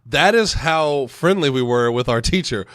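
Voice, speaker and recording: A man's voice: medium pitch, expressive, moderate pace, fairly bright tone, clear, resonant tone, no room sound, studio quality. Sick, nasal man joking around. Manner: joking, laughs through stories. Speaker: podcast host. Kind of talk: casual chat.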